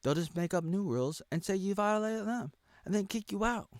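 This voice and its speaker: A man in his thirties from the United States delivering an erratic ranting monologue, dropping to low mutters and then yelling. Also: expressive, a little fast, dry recording. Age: 30s. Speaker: vlogger.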